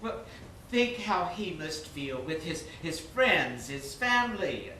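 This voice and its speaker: An actor playing a halting, stubborn old widower. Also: male voice, a little high, big pitch swings, bright, forceful tone, slight background noise, heavily acted. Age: older. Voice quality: hesitant, halting. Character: elderly widowed man, stubborn and set in his ways. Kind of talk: stage play acting. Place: theater stage. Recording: echoey stage, from far off, faint ambience.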